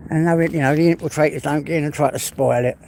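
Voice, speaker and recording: English bloke on a phone stream, fairly high voice, rambling chat outside, bit of background noise. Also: male voice, fairly even intonation, fast talker, vocal fry. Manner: chatty, swears, calls the dog loudly. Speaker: livestream host. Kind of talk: casual chat to viewers while walking. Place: outdoors in rural fields.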